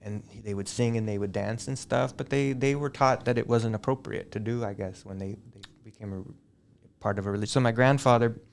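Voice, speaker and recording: A middle-aged man, a high school teacher, chatting as a guest on a school podcast and telling long, digressive stories. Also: a little fast, vocal fry, a little hiss or hum. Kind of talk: casual interview chat.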